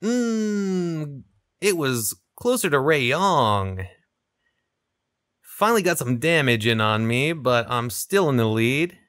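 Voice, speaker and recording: A young man talks through his game in an unhurried, easygoing way, his pitch rising and falling a lot as he reacts. He sits close to a desk microphone in a dry room with no echo. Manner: relaxed, chatty, laughs often. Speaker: gaming video creator. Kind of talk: casual gameplay commentary.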